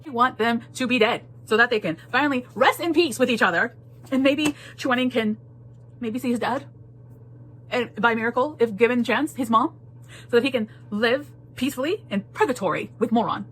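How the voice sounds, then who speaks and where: A woman's voice: fairly high pitch, fairly quick, a bit bright, slight background noise. A woman giving a casual spoiler book talk, emphatic and full of repeated phrases and laughter. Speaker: book reviewer.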